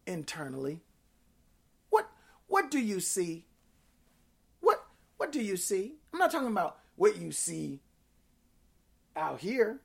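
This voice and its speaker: A woman preaching a sermon, repeating phrases in a rhythmic build, rising to shouts and then dropping to hushed tones. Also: mid-range voice, gravelly, slightly rough.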